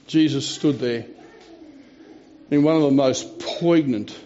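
A man preaching a sermon in an earnest, storytelling way. He reads scripture aloud and often pauses and restarts. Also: medium pitch, mellow, slight background noise. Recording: dull lo-fi recording.

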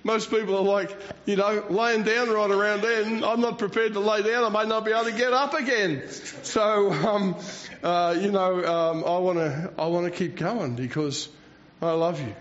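A man's voice: high-pitched, fairly even intonation, normal speed, hardly any pauses, a bit bright. A man, preaching a rambling, self-mocking sermon and chuckling between phrases. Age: 60s. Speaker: pastor. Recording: dull lo-fi recording.

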